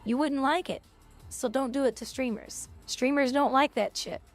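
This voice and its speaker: Blunt woman streamer scolding chat, slightly high voice, music faint behind. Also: normal speed. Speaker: game streamer. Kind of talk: casual live-stream chat.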